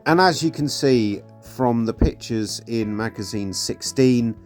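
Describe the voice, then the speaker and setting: A man's voice: medium pitch, measured pace, faint music behind. A man hosting his own hobby channel, reviewing magazine releases in a chatty, upbeat way with plenty of fillers. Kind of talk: casual product review.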